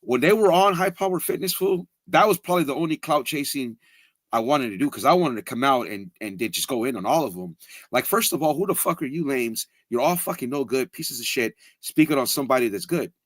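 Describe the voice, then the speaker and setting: Man, casual podcast chat, blunt and profane, says "bro" a lot, lively swinging pitch, dry close sound. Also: fairly quick, dry recording. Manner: blunt, profane, keeps saying "bro" and "fool".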